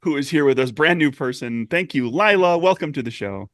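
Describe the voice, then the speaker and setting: A man's voice: fairly high pitch, expressive, fairly quick, a bit bright, dry recording, studio quality. A man co-hosting a podcast in casual, rambling chat. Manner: rambling, with fillers and restarts. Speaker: podcast co-host.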